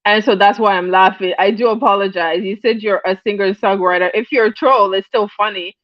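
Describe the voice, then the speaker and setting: Speaking briskly in a steady, mid-range voice, a woman runs a casual livestream and reads viewers' chat out loud. Her talk wanders with frequent restarts and bursts of laughter. The audio is dry and lo-fi with a dull quality and no echo.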